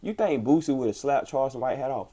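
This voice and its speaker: A man hosts a casual interview in a mellow, mid-pitched voice. He talks easily and often drops in quick agreements. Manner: relaxed, interjecting short agreements. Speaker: interview host.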